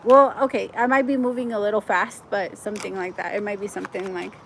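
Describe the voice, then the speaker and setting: A woman's voice: mid-range voice, quick pace, vocal fry, slight background noise. A woman giving a live-streamed tarot reading, chatty and effusive, with lots of "like" and frequent laughs. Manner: gets excited and loud at good news. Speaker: tarot reader.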